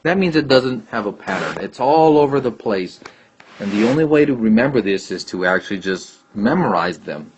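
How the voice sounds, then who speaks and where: A man's voice: fairly low pitch, animated, normal speed, slight background noise. A man teaching a Spanish grammar lesson, patiently repeating and checking answers aloud. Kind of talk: classroom lesson explaining grammar. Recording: dull lo-fi recording.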